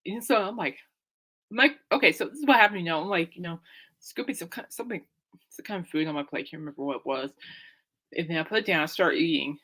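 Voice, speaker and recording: A woman's voice: on the low side, animated, quick pace, fairly bright tone, husky. A young woman telling a rambling, laugh-filled story as host of her own show, acting out what people said. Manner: rambling, laughing often, acts out quotes. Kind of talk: casual storytelling chat.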